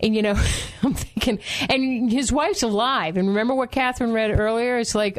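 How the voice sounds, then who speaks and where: A woman co-hosting a casual Bible study discussion, talking in an animated way and acting out quotes. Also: moderate pace, hardly any pauses. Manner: animated, acts out quotes with pitch jumps, laughs often.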